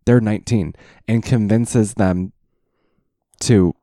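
A man's voice: fairly low pitch, steady tone, slow, mellow, no echo, clean studio sound. A man co-hosting a podcast, chatting casually and animatedly, slipping into exaggerated impressions. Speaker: podcast co-host. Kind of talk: casual chat.

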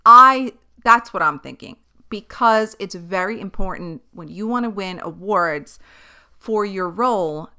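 Bright, animated woman podcasting solo. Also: mid-range voice, unhurried, smooth. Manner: candid, animated, swears freely. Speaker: podcast host. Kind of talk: casual solo podcast chat.

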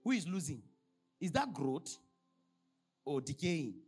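A man preaching a sermon as pastor, prompting the congregation to finish his lines and reading scripture slowly and emphatically. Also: a little high, sing-song, a little mellow, breathy edge, faint music behind. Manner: call-and-response, prompting the congregation with "what?".

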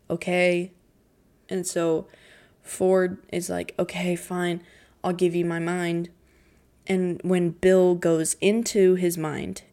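Teen girl podcaster, slow and rambling, voice quaking near tears. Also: lowish voice, creaky, a little mellow. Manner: emotional, near tears, giggly, rambling with many "like"s. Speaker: podcast host. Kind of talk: casual solo podcast recap.

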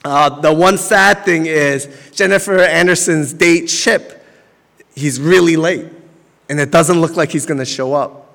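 A man in his forties delivers a sermon with a high voice. He talks loosely and conversationally and tells stories. The long reverb of a church hall trails after each phrase. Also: fairly bright tone. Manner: conversational storytelling with laughs. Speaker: pastor.

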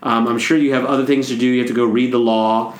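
A man's voice: medium pitch, steady tone, quick pace, roomy sound. A man, a priest, co-hosting a casual chat, joking and rambling playfully. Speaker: priest and podcast co-host.

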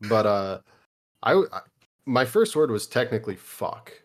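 A man's voice: mid-range voice, sing-song, normal speed. A young man co-hosting a casual podcast, telling crude stories in a rambling, jokey way. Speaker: podcast co-host.

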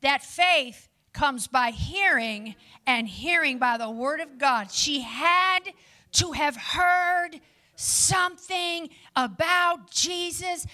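Woman preacher, very high and bright, energetic sermon delivery. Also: slow. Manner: energetic and lively, chatty asides to the audience. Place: before a live audience.

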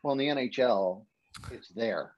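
Casting: man, broadcaster guest, lively storyteller, mid-pitched, dull dry podcast sound. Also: normal speed, no room sound. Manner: animated storyteller, acts out quotes with high voice jumps. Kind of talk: casual storytelling chat.

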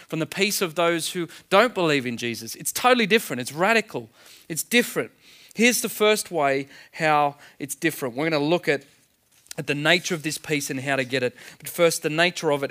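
Man, pastor, conversational sermon, rhetorical questions, bright tone. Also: fairly high pitch.

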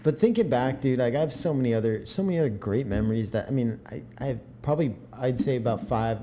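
A man's voice: medium pitch, animated, fast talker, warm tone, a little hiss or hum. A young adult man co-hosting a podcast, chatting in an easygoing way and laughing often. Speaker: podcast co-host. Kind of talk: casual podcast chat.

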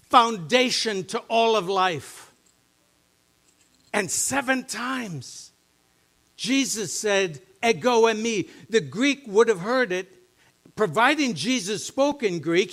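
A middle-aged man, a pastor preaching a sermon in a church, moving between quiet, low musing and loud, emphatic teaching. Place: church sanctuary.

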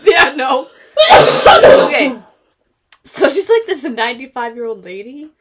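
A woman's voice: sits high, big pitch swings, takes it slowly. A woman chatting casually on a stoner vlog, stoned, coughing and laughing, with crude slang. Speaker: vlogger.

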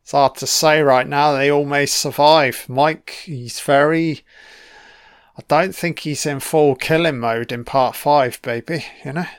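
A man's voice: on the high side, fairly even intonation, measured pace, clean tone, no echo, clean studio sound. A British man giving an audio commentary over a film, swearing constantly and heckling the characters on screen.

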